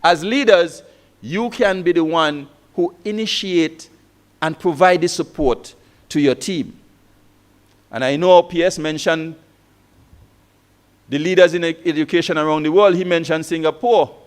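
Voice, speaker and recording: Conference keynote speaker, man, high voice, tells stories with rhetorical questions. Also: a little slow, long pauses. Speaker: keynote speaker, former lecturer. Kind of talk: motivational conference talk.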